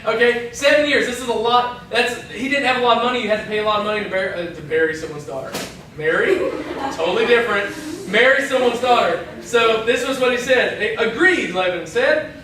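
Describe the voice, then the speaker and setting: A man's voice: very high voice, fairly quick, pushed and bright, a little hiss or hum. A man, a youth pastor, casually teaching a Bible lesson to a group of young women, chatty and jokey with many asides and restarts. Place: church hall. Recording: echoey hall from far off.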